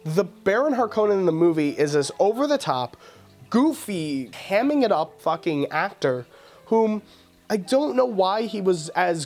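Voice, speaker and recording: A man's voice: high voice, darkish tone. A man hosting a podcast in a casual film review rant, profane, exasperated and mocking. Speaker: podcast host.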